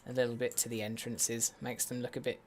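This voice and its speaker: Muttering wry, sweary asides to himself, a male let's play host offers casual commentary on a game over faint in-game music. He speaks briskly at a medium pitch in a level tone.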